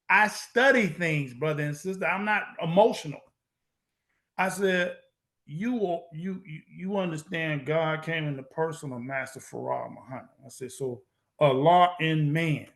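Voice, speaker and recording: High-voiced man retelling an argument. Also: unhurried. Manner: animated, repeats "I said", laughs at own story. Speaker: speaker recounting a debate. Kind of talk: storytelling address to an audience.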